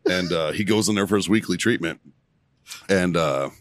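A man's voice: low-pitched, normal speed, dry recording, studio quality. A man co-hosting a casual podcast, telling a crude story with laughs and acted-out quotes. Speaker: podcast co-host.

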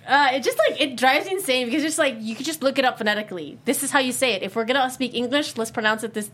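Young woman host, higher voice, leads the chat with firm views on getting words right. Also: fast. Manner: animated, opinionated, fussy about pronunciation. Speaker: podcast host. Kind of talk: casual review chat.

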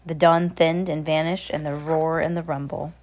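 Woman, casual read-aloud to a child at home, lowish, self-correcting. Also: level tone, normal speed, background noise. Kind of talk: reading a storybook aloud.

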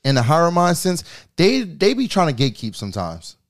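A man's voice: on the high side, wildly swooping pitch, fairly quick. A man co-hosting a casual podcast, arguing his point, repeating words as he goes and throwing questions at the others. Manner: argumentative, repeats words, poses questions to the group. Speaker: podcast co-host.

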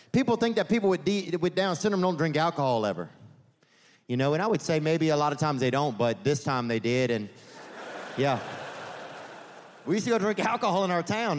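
A man doing a stand-up comedy set at a live venue. He rambles through the story, corrects himself often and drops deadpan asides. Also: a little high, brisk, pauses often, slight background noise.

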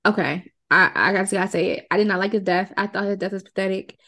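A woman's voice: mid-range voice, steady tone, quick pace, a bit bright. A woman podcast co-host recapping a movie plot in a conversational, wry and indignant way.

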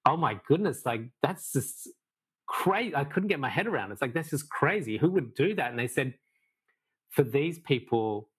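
A middle-aged man who is a meditation teacher, a guest in a casual podcast conversation, telling lively stories and laughing often. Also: fairly low pitch. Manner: animated storyteller, laughs often.

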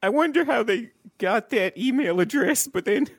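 A man's voice: very high-pitched, expressive, moderate pace, vocal fry, heavily acted. A man playing an eager, dim-witted male sidekick in hell who is agreeable, naive and easily amused.

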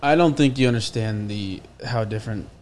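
A man's voice: fairly low pitch, brisk, a little mellow, slight background noise. A man appearing as a comedian guest on a casual podcast, with dry, sarcastic humor and frequent swearing.

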